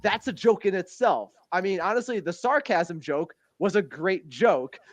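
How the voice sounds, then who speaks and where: This co-host's voice sits high and sounds animated, at a normal pace with no echo. On a casual podcast he meanders through retellings of scenes, laughing often and doing a put-on voice for quotes.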